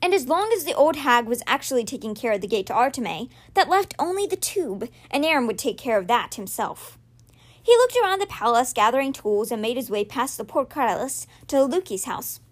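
A woman hosting a podcast, reading a children's novel aloud with expressive storytelling. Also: fairly high pitch, fairly quick. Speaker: podcast reader.

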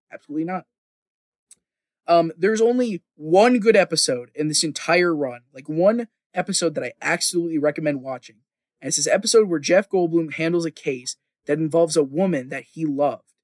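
A man with a slightly raised pitch rambles through a TV recap on a podcast, swearing freely and padding his sentences with fillers. The sound is close and dry, with no room around it. He tells it with casual enthusiasm. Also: no room sound. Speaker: podcast host recapping a TV show.

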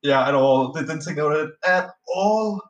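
At a moderate pace and with lively intonation, a man with a fairly high voice shares a tabletop game anecdote as a podcast guest. He's a native Danish speaker, and his casual story rambles on with fillers, restarts and swearing. His sound is roomy and echoey, slightly off-mic.

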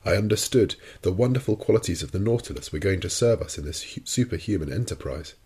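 Low, husky-voiced male narrator. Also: expressive, warm tone. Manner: measured, deliberate storytelling. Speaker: audiobook narrator. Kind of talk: scripted narration of a classic novel.

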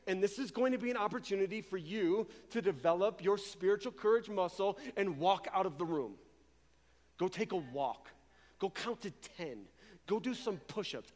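A man preaching a sermon as pastor, talking in an animated, conversational way and often repeating words as he goes. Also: high voice, normal speed. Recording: long reverb of a large hall.

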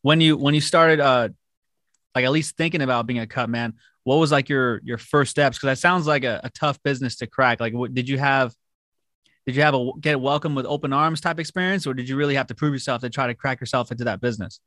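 Fast-talking bright podcast host. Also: male voice, mid-range voice, no echo, clean studio sound. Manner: fast, loose, swearing, rambling questions. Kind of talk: casual podcast interview.

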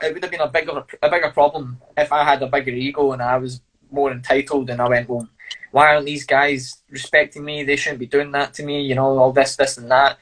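A man with a husky, slightly rough voice, chatting as an interview guest. He tells blunt, sweary stories in a relaxed, laughing way. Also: medium pitch, low-quality recording. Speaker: fighter and guest. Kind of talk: casual storytelling interview.

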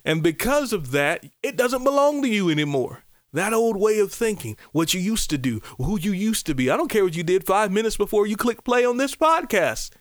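A man preaching a podcast sermon, animated, with loud exclamations, soft asides and repeated calls to his listeners. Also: sits high, fairly quick, hardly any pauses, dry recording, clean studio sound.

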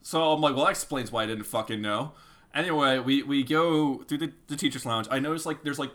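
A young man with a bright, forward tone tells a long story on a casual podcast. He is animated and full of fillers, acting out his own quotes as he goes. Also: medium pitch, brisk. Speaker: podcast co-host telling a story.

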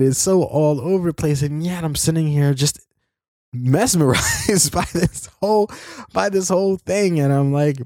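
A man's voice: medium pitch, mellow, no room sound, studio quality. A man giving a casual spoken film review for his show, rambling with many fillers and restarts. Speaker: podcast movie reviewer.

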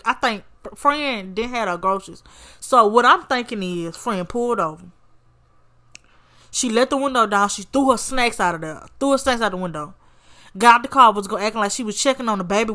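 Sassy, bright-voiced woman telling a story. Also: mid-range voice. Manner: sassy, animated, swears freely, calls listener honey and baby. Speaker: podcast host. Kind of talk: casual storytime commentary.

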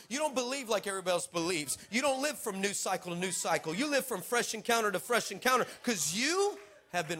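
In church, a fairly high-voiced male preacher spins a funny, spirited tale, his energy surging and dipping as he goes. He playfully needles his listeners along the way.

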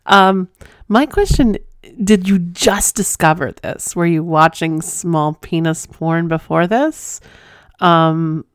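Woman, podcast host, casual monologue, frank and playful, lowish voice, dry close sound. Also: takes it slowly, clean tone, no echo. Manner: frank, playful, laughs often. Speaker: podcast host reading listener confessions. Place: at home under blankets.

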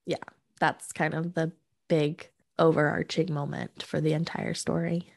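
A woman's voice: deep voice, flat delivery, measured pace, creaky, darkish tone. A woman co-hosting a casual book-discussion podcast, talking in an easygoing, agreeable way and often restarting her sentences. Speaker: podcast co-host.

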